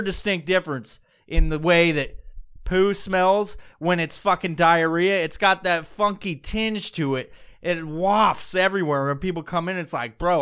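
A man's voice: high voice, sharp tone, clean tone. A young man hosting a podcast, ranting comedically with heavy profanity and exasperation. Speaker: podcast host. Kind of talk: comedic rant.

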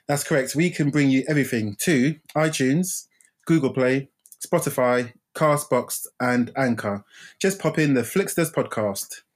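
A man co-hosts a casual movie podcast in an easygoing way, repeating himself and laughing often. He sounds a little tired after a gym session. His voice sits at an ordinary middle pitch. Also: unhurried. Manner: laid-back, laughs often, repeats phrases. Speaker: podcast co-host. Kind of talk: casual film podcast chat.

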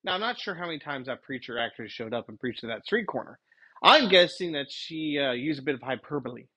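Husky-voiced man preaching casually. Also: mid-range voice, lively intonation, quick pace, sharp tone. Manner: rambling, self-correcting, retells scenes with quoted voices. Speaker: Christian commentator. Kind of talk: informal preaching monologue.

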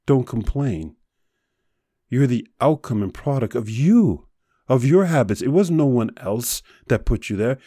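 A man hosting a podcast, giving a blunt motivational talk full of rapid rhetorical questions and profanity. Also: medium pitch, lively intonation, warm tone, husky, no room sound, studio quality. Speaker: podcast host. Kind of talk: motivational monologue.

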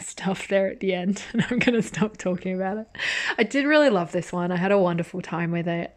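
A woman giving a casual spoken review of a drama, animated and swearing freely as she vents, then laughing it off. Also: mid-range voice.

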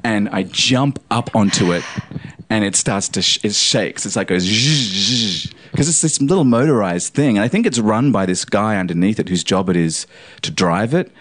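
Animated man telling a backstage story. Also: fairly low pitch, moderate pace, dry recording. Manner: animated, vivid, swears freely. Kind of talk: casual storytelling.

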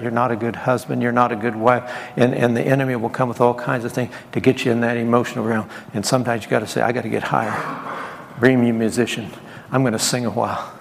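A man's voice: mid-range voice, vocal fry, big-room sound. A man preaching a sermon as pastor, calling on the congregation to repeat lines and acting out quotes in his talk. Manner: preaching with call-and-response and acted quotes.

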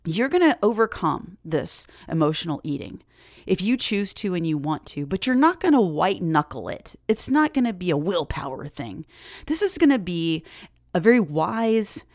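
Woman on her fitness podcast, lowish voice, chatty and upbeat, dry close sound. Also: moderate pace, no room sound. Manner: chatty, animated, encouraging, many fillers. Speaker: podcast host. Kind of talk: casual solo podcast talk.

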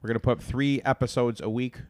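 A man's voice: mid-range voice, steady tone, fast, darkish tone, no echo, clean studio sound. A man co-hosting a casual podcast, teasing his partner and laughing often. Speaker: podcast co-host. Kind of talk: casual banter.

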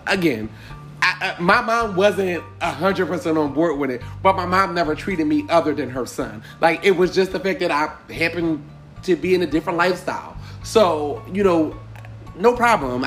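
A young man hosting a casual panel podcast, animated and sassy, often laughing as he talks. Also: on the high side. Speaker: podcast host.

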